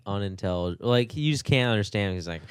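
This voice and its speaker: Man, podcast co-host, relaxed chat, smooth resonant voice, dry close mic. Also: lowish voice, fast, no room sound. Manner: laid-back, short interjections, filler words. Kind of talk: casual chat. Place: studio.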